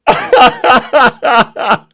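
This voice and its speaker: A man streaming, giving crude, joking commentary as he reacts to a video, swinging from loud outbursts to mumbled asides. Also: very high voice, fairly even intonation, drawn-out words, dry recording, clean studio sound.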